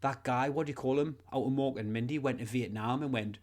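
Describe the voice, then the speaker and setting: A man's voice: mid-range voice, quick pace, darkish tone. A man with a Geordie accent and a son, co-hosting a podcast in casual chat, rambling through stories with swearing and laughs. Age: adult with a son. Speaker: podcast co-host.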